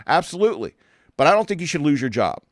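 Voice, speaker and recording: A man's voice: on the high side, big pitch swings, fast talker, no echo, studio quality. Blunt, sarcastic man ranting. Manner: rambling with many restarts. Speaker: podcast host. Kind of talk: casual opinion rant.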